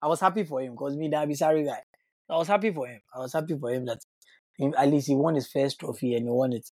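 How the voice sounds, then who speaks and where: A man's voice: mid-range voice, fast, mellow, dry recording, studio quality. A man, co-hosting a sports chat, laughing often and slipping into pidgin. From Africa. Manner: laughs often, talks over others in pidgin. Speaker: podcast co-host.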